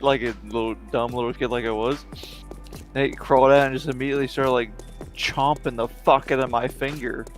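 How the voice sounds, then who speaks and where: A young male streamer rambles through casual chat, circling back on himself with fillers and restarts. His voice sits at an ordinary middle pitch, with faint game music underneath.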